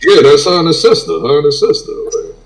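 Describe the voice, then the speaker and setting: A man's voice: fairly high pitch, wildly swooping pitch, fairly quick, rough recording. A man hosting a call-in stream, chatting casually and rambling with lots of fillers. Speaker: streamer host. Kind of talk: casual chat.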